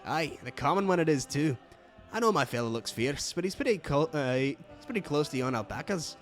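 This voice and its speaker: A man voicing a friendly, rough-spoken male alpaca herder in a put-on Scottish accent. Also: fairly high pitch, lively intonation, brisk, soft background music, voice pushed up, natural voice.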